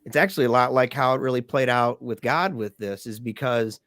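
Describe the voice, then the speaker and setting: This middle-aged man is a podcast guest who narrates in a relaxed, faltering manner, often restarting and laughing quietly. His pitch is unremarkable, and the recording is close and dry with no room sound.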